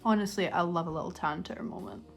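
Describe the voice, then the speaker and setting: A woman's voice: on the low side, fast, soft background music. A young woman chatting casually at home for her vlog, rambling and self-mocking as she laughs her way through a story. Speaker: vlogger.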